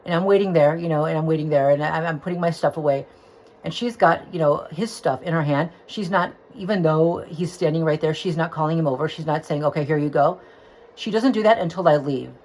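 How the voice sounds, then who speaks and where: A woman's voice: deep voice, brisk, a little mellow, low-quality recording. A woman telling a personal story into her phone, agitated and rambling, with restarts and swearing. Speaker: vlogger.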